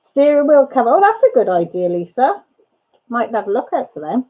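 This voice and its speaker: Very animated and a little fast, a woman with a slightly high voice hosts a casual crafting livestream from home, heard with phone-quality sound. Her chatter rambles, and she keeps interrupting herself mid-thought.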